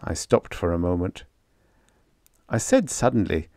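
A man narrating a first-person story in a hard-boiled, expressive reading on a close mic. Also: low voice, unhurried, vocal fry, no echo. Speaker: audiobook narrator.

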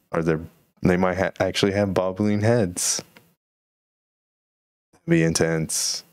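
A man's voice: low-pitched, darkish tone, clean tone, no room sound, studio quality. A man hosting a solo podcast, musing and rambling casually about current events. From Texas. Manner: rambling, musing, laid-back. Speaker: podcast host.

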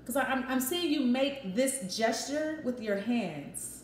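Woman doing a tarot reading, kinda high voice, roomy echo, faint hiss behind. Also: expressive. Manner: thinks aloud, acts out quick quoted voices. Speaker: tarot reader. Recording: echoey room with faint noise.

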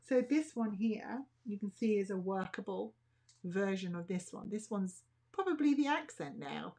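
A woman's voice: mid-range voice, lively intonation, normal speed, darkish tone. A woman teaching a nail art class, chatting casually and thinking aloud as she works. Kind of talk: casual tutorial demonstration.

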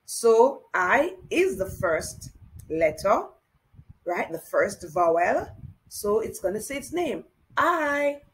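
In a rough recording with a bit of hiss or hum, a woman with a very animated mid-range voice gives a children's reading lesson. She encourages the child directly, slow and sing-song, while spelling and counting.

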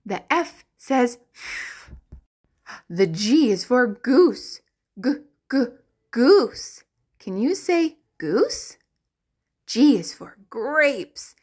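A woman teaching the alphabet to toddlers in a slow, sing-song, exaggerated way, with playful animal sounds. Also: a little high, lively intonation. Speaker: children's educator.

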